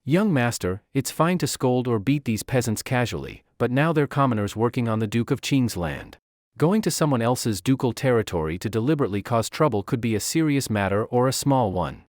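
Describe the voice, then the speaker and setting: A man's voice: mid-range voice, animated, brisk, darkish tone, no echo, studio quality, lightly acted. A man voicing a cautious household servant warning his young master. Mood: worried.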